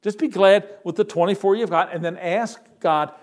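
Male pastor, fairly high voice; urgent sermon delivery with loud peaks and quiet asides. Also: moderate pace. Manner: earnest, urgent preaching with sudden loud rises and soft drops.

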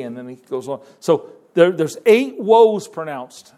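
A man delivers a sermon in an easygoing, conversational way. He often restarts his phrases and then lifts into sudden emphatic rises. His voice sits a little higher than most men's. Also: animated, a little slow, hardly any pauses, mellow. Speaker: preacher.

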